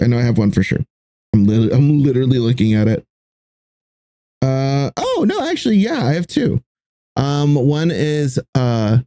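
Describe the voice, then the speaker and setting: Young male co-host, mellow tone, dry close sound, loose candid rambling. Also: medium pitch, clear, resonant tone, no echo. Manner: candid, rambling with fillers and restarts. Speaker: podcast co-host. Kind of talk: casual podcast chat.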